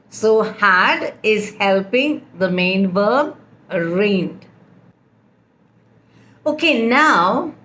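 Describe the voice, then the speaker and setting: A woman's voice: on the high side, fairly bright tone. A woman teaching a grammar lesson, patiently explaining with repeated example sentences. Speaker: English teacher.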